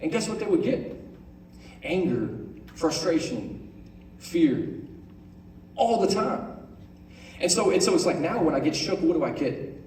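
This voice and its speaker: A young man giving a casual, conversational sermon to a youth group, often asking "right?" and reading scripture out slowly. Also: on the high side, lively intonation, mellow, slight background noise. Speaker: youth pastor. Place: large room on stage. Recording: echoey room, voice from far off.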